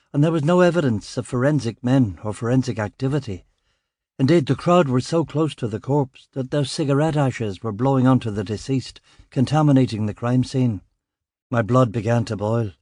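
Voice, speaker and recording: A man reading a crime novel in first person, with a dry, sardonic, gruff delivery. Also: mid-range voice, darkish tone, no room sound. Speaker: audiobook narrator. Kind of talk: first-person scripted narration.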